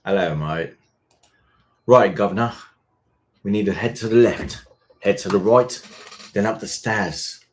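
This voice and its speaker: A man voicing a mock British gentleman giving directions with a hammy put-on accent. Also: on the low side, unhurried, pauses often, slight background noise, natural voice.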